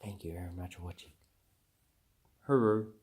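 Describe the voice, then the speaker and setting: A man's voice: deep voice, moderate pace, darkish tone, breathy edge. An Australian man in a casual to-camera lesson, chatty and wandering off on tangents. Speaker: vlogger teaching Australian slang.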